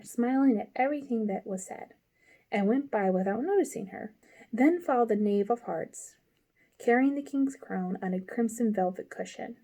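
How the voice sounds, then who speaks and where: A woman reads a children's storybook aloud with a mellow, warm tone. Her narration is expressive and unhurried, at an ordinary mid pitch. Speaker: library storyteller. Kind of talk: reading a children's novel aloud.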